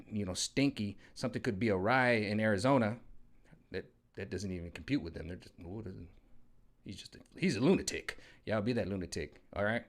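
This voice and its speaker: A man venting in a casual, rambling monologue full of slang and repeated catchphrases, recorded at home on a hot day. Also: on the low side. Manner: rambling, slangy, repeats "you know what I'm saying". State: sweating in the heat. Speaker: vlogger. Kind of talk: casual political rant.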